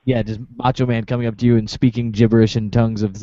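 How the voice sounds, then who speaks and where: A man's voice: mid-range voice, flat delivery, fast, warm tone, no echo, highs cut off. A man co-hosting a podcast, laughing along and asking follow-up questions. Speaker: podcast co-host. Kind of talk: casual chat.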